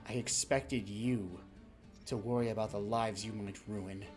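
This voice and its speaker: A man's voice: fairly low pitch, steady tone, a little slow, faint music behind, natural voice. A man voicing a stern scolding dragoness. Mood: disappointed. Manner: reproachful, raises voice in outrage. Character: stern female dragon leader, scolding and disappointed.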